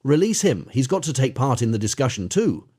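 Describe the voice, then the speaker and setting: A man voicing a clever, scheming male rabbit in a spoken parable, sly and brisk. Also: medium pitch, sing-song, a little mellow, slightly rough.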